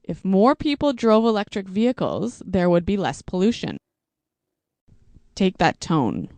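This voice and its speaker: A woman reading vocabulary words and example sentences for English learners, in a slow, deliberate, evenly paced way. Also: medium pitch, big pitch swings, vocal fry, a little mellow, no room sound. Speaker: English teacher.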